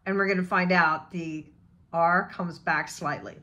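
A woman's voice: on the low side, fairly even intonation, pushed and bright. A woman teaching a pronunciation lesson, giving tongue and lip directions and drawing out example words one by one. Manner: demonstrates vowel sounds with slow drawn-out example words. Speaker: voice and accent coach.

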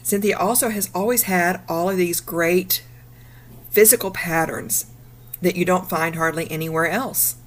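A woman, chatting upbeat in a casual travel vlog, her voice a little rough from the morning. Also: fairly low pitch, unhurried. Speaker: vlogger.

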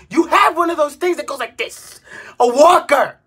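A woman in her twenties, a vlogger, delivering an exasperated comedic rant, swearing and bursting into shouts. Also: high-pitched, expressive, fairly quick. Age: 20s.

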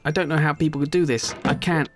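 A young man giving gameplay commentary as a YouTuber, muttering low rants, then swearing and shouting in bursts. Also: steady tone, quick pace, slight background noise. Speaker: gaming YouTuber.

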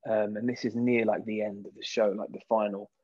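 A British man in his thirties, a guest actor in a casual interview, telling lively stories and acting out what people said. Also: lowish voice, brisk, highs cut off. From Britain. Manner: lively storyteller who acts out quoted voices.

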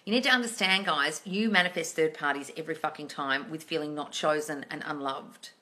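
Blunt, sharp-voiced woman coach. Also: low-pitched, fairly quick. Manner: blunt, profane, scolding; sarcastic mimicry of viewers. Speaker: manifesting coach. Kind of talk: live-stream question and answer.

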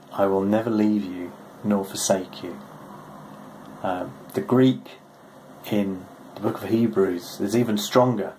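A male pastor giving a short, gentle, conversational devotional, reading scripture aloud. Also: fairly low pitch, slight background noise, rough recording.

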